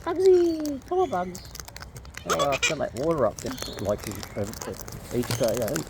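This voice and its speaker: A woman's voice: extremely low pitch, big pitch swings, moderate pace. A woman chatting casually and cooing affectionately to wild birds outdoors, filming on a phone. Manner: cooing baby talk to birds. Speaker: bird feeder vlogger. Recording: noisy outdoor recording with birds.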